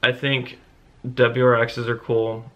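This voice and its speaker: A man's voice: medium pitch, little pitch movement, slow, highs cut off. Young guy joking around on his wife's vlog, laid-back, bit crude. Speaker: vlogger's husband. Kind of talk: casual chat.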